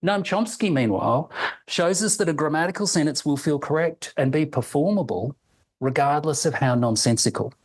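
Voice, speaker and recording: A man reading a prepared academic lecture in a measured, deliberate way, slowing to sound out example phrases. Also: on the high side, lively intonation, husky, rough recording.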